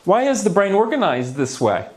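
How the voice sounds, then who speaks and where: Guy lecturing at a conference, playful and a bit theatrical, voice on the higher side. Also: very animated, normal speed, darkish tone. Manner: playful and theatrical, with gasps and asides. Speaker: neuroscience lecturer. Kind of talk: conference talk. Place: conference hall before an audience.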